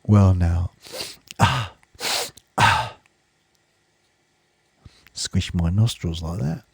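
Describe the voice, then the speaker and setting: A man's voice: fairly high pitch, lively intonation, slow pace, creaky, pauses often, darkish tone, no room sound, studio quality. An English man hosting a live stream, chatting casually and rambling with jokes and many fillers. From England. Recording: music playing behind.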